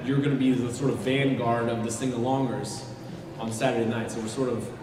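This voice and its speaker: Man coaching a crowd in a hall. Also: mid-range voice. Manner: halting, self-correcting, many fillers. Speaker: musician leading a crowd sing-along. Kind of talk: live panel Q&A, coaching an audience. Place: large convention hall. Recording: echoey hall from far off, noisy.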